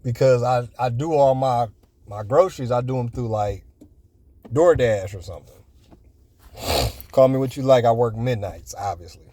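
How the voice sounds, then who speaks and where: A man's voice: mid-range voice, normal speed, pauses often, dark tone, dry recording. A man in his forties telling everyday stories in a casual, rambling way, packed with "you know" fillers. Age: 40s. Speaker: vlogger. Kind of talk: casual storytelling.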